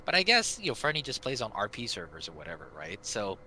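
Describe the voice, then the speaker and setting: A man telling gaming stories in casual chat, animated and swearing freely. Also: lowish voice, fast talker, a little hiss or hum. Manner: animated, swears a lot, acts out quotes. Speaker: gaming friend on stream.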